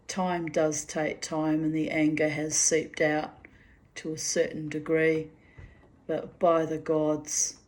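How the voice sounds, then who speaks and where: A woman's voice: deep voice, darkish tone. A middle-aged woman reading her diary aloud and chatting about it in a wry, self-mocking way that breaks into laughter. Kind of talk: casual spoken diary reading.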